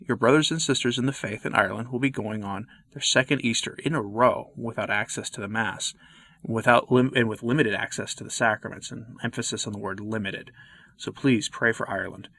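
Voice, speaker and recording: A man's voice: medium pitch, vocal fry, fairly bright tone, no echo. Earnest man reading scripted commentary. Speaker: Catholic commentary video host.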